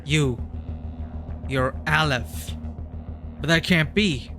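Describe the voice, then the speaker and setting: A man's voice: a little high, drawn-out words, sharp tone, soft background music, heavily acted. A man voicing a desperate, grasping cowboy outlaw with a Western drawl. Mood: frantic. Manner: Western drawl, pleading and accusing.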